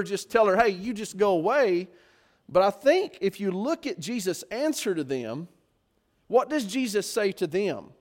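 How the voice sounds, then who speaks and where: A man's voice: high voice, darkish tone. A man preaching a sermon, often putting rhetorical questions to his listeners.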